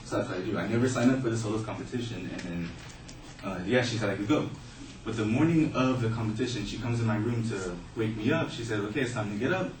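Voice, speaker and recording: Man, animated casual storyteller, quick delivery, recorded far off in an echoey room. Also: fairly low pitch, a little hiss or hum. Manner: animated, acting out voices in his story. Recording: roomy, distant mic, faint ambience.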